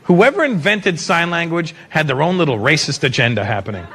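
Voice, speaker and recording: A man's voice: fairly high pitch, expressive, brisk, fairly bright tone, husky. A middle-aged man doing stand-up crowd work, teasing the audience and laughing at his own jokes, recorded live on stage. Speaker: stand-up comedian. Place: live comedy venue with audience. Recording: live show with crowd and hall noise.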